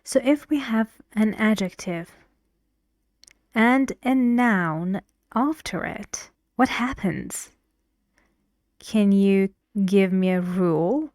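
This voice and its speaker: A woman's voice: mid-range voice, lively intonation, slow, pauses often, a little mellow, no room sound, studio quality. A woman teaching an English pronunciation lesson, explaining stress rules patiently with examples.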